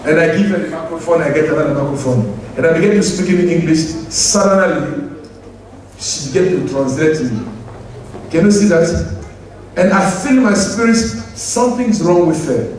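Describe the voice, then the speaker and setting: A man's voice: on the high side, moderate pace, a little mellow, slight background noise. A man preaching a sermon to his church in emphatic, repetitive, non-standard English, asking the congregation to answer him. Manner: asks the congregation for responses. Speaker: pastor. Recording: very echoey room, mic at a distance.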